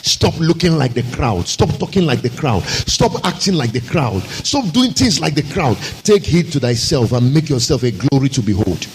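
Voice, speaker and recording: A man's voice: mid-range voice, big pitch swings, moderate pace, hardly any pauses, slight background noise, low-quality recording. A man pastor, preaching a sermon with emphatic, rhetorical repetition.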